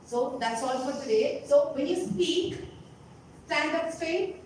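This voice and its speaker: Woman, high voice, speaking-skills teacher, instructive, echoey hall, far from the mic. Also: animated, slow, darkish tone, slight background noise. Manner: instructive, often checking in with "okay?" and "isn't it?". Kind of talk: live lesson to young students.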